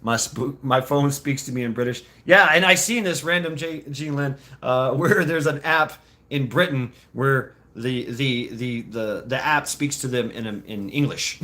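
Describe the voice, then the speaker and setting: A middle-aged man chatting casually and rambling, laughing often and slipping into quick put-on voices. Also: mid-range voice, sharp tone. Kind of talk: casual chat.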